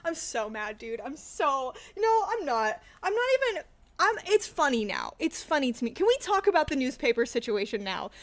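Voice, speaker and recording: A woman's voice: sits high, very animated, moderate pace. A young woman from Texas chatting casually on a livestream, sarcastic and profane, often breaking into laughter. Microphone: desk microphone.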